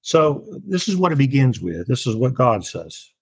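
A man giving a Bible lesson in a slow, deliberate way, with many pauses and fillers. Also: medium pitch, big pitch swings, breathy edge, dry recording. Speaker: Bible teacher.

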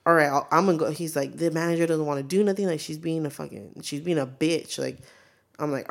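Young female podcast co-host, low voice, foul-mouthed, animated storyteller, acts out quotes. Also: fast, gravelly. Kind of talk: casual chat.

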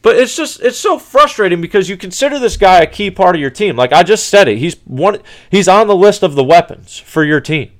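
A man hosts a sports podcast in a heated, profane rant. His pitch swings widely as he gets exasperated, and he stumbles and restarts his sentences. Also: expressive, fairly quick, few pauses.

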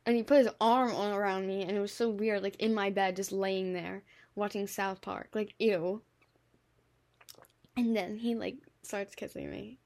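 Young female co-host, mid-pitched, casual drawling chat peppered with "like". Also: fairly even intonation, normal speed, creaky, darkish tone. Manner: drawling, fillers like "like". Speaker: podcast co-host.

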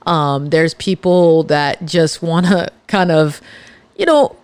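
A woman's voice: sits low, slow pace, a little mellow, clean tone, dry recording. A woman hosting a podcast, talking casually and emphatically as she gives her listeners a pep talk. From Los Angeles, California. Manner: chatty and emphatic, with laughs and restarts. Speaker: podcast host.

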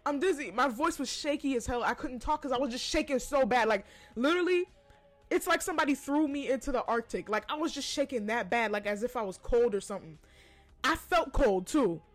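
High-voiced woman telling a story casually. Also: lively intonation, a little fast, soft background music. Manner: casual, profane, laughing between lines. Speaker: podcast host. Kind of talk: personal storytelling.

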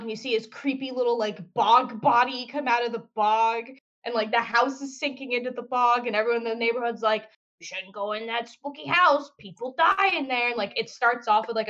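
On a muffled, lo-fi podcast recording, a young female co-host chats away in a casual group conversation, laughing a lot and peppering her speech with "like". Her voice is fairly high and bright, level in tone, at normal speed.

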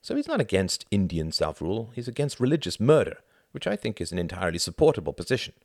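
Man reading as a calm know-it-all guy, deep voice, matter of fact, dry. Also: no echo, full character voice. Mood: informative. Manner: measured, lecturing.

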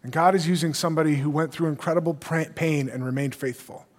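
A man's voice: fairly high pitch, fairly even intonation, fast. A man preaching a sermon, reading scripture aloud and retelling the story in casual, everyday dialogue. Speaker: pastor. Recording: long hall reverb.

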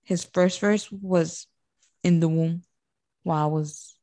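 A young woman and new mother co-hosting a casual chat podcast, relaxed and rambling as she tells stories. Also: on the low side, slow, no echo. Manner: relaxed, rambling, warm storytelling with fillers. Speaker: podcast co-host.

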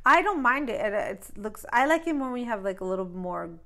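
A young woman co-hosting a casual podcast, teasing her co-host and laughing often, getting loud when quoting people. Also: a little high, sing-song, a little fast. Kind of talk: casual chat.

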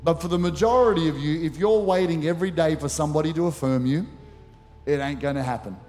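Speaking fast in a fairly high, darkish voice, a middle-aged man preaches as pastor in a church auditorium. His storytelling is animated, with acted asides. Church hall reverb and faint music color the recording.

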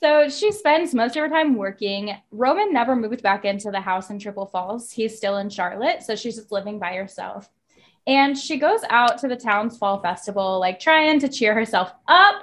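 Young female co-host, higher-pitched, laughs a lot, casual "like"-heavy delivery. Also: lively intonation, normal speed, fairly bright tone. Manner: giggly, chatty, fillers like "like". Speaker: book podcast co-host. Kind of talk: casual chat and book summary.

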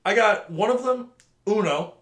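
A young man co-hosting a casual podcast, an animated storyteller who swears freely. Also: high-pitched, a little slow. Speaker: podcast co-host. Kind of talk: casual chat. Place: home cellar. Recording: echoey cellar room.

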